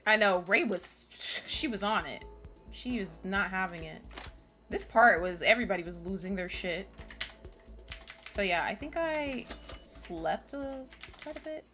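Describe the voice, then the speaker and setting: This is a woman streamer telling the story of a game in a loose, chatty, giggly way. Her voice is bright and forward. Faint game music plays underneath. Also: medium pitch, lively intonation, unhurried. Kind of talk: casual let's-play recap.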